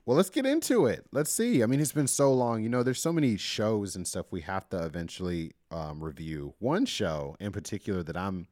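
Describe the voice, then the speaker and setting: A man's voice: lowish voice, very animated, fairly quick, few pauses, a little mellow, dry recording, studio quality. A man co-hosting a podcast in casual, chatty talk, laughing often. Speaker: podcast co-host. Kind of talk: casual chat.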